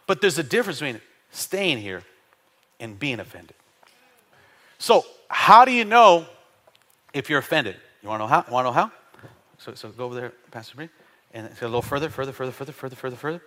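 A man's voice: medium pitch, fairly quick, pauses often. A middle-aged male pastor preaching a sermon in church, joking with the congregation and calling for responses. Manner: animated, playful preaching with jokes and call-and-response. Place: church sanctuary.

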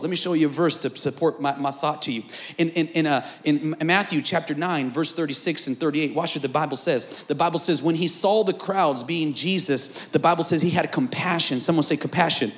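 A male pastor preaching a call-and-response sermon at an outdoor patio service, swinging between shouts and hushed lines. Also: on the high side, a little fast.

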